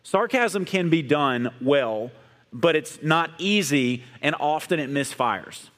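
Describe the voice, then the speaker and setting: A man co-hosting a Bible discussion, talking in an earnest, measured way with pauses and fillers. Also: on the high side, animated, fairly bright tone, long reverb tail. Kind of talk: casual discussion.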